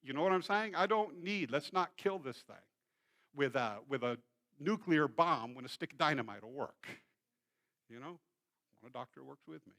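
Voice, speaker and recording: A man, a pastor, preaching a sermon in a church and telling a story in an animated way. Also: a little high, normal speed. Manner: storytelling, acts out quoted voices. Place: church sanctuary.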